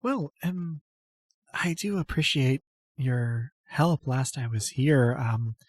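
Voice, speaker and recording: A man voicing a timid, polite young noblewoman who hesitates with soft ums. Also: mid-range voice, takes it slowly, dry recording, clean studio sound. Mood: nervous, polite.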